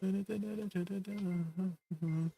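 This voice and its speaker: A man's voice: sits high, fairly even intonation, drawn-out words, warm tone, a little hiss or hum. Playful male streamer chatting with viewers. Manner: playful, laughs often, talks to chat. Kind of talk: casual live-stream chat with viewers.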